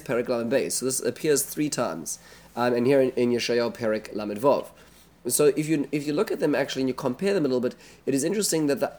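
A man giving a relaxed text study lesson at an everyday middle pitch. He often stops to search for words and restarts, and then picks up energy as he retells what the figures in the story said. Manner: hesitant, many fillers and restarts, animated when voicing quoted taunts. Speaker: Torah teacher. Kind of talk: casual text study lecture.

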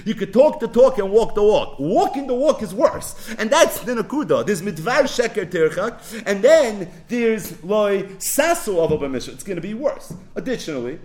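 A man teaching as a rabbi in a Torah lecture, animated, asking rhetorical questions and answering them, reciting verses slowly. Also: high voice. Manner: quotes verses in a slow recitation. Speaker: rabbi teaching a text class.

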